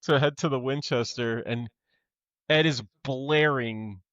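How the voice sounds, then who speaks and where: A man's voice: mid-range voice, slow, a bit bright, no echo, dull audio. A man co-hosting a podcast, casually retelling a film's scenes and acting out its lines. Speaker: podcast co-host. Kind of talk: casual movie recap chat.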